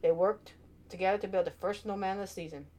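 A woman narrating a children's storybook aloud with expressive, animated delivery. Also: medium pitch, quick pace.

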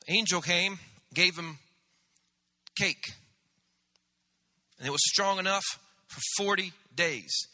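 A man pastor preaching a sermon, animated, acting out the voices of biblical figures. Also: high voice, unhurried, long pauses. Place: church sanctuary. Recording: church hall reverb.

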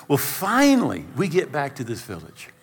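A middle-aged man preaches from the pulpit, spinning a self-deprecating story and acting out the scenes as he goes. His pitch rises and falls with lively swings. The sound rings with the long reverb of a large hall. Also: normal speed, slightly rough. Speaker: pastor. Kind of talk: storytelling sermon.

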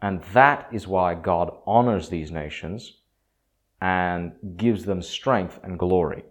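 A man's voice: deep voice, takes it slowly. A man hosting a solo podcast on theology, talking in a conversational, opinionated way with fillers and asides. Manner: conversational, opinionated, with frequent fillers and acted quotes. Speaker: podcast host.

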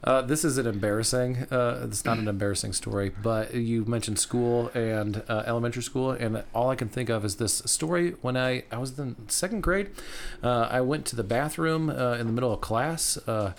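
A man's voice: mid-range voice, normal speed, vocal fry, slight background noise. A man co-hosting a casual podcast chat, telling stories with many filler "uhs" and jokes. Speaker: podcast co-host.

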